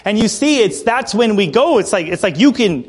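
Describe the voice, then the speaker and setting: A man's voice: high-pitched, very animated, moderate pace, breathy edge. A man preaching a conversational sermon, reading scripture aloud and explaining it with casual asides. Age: adult. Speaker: pastor. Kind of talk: expository sermon.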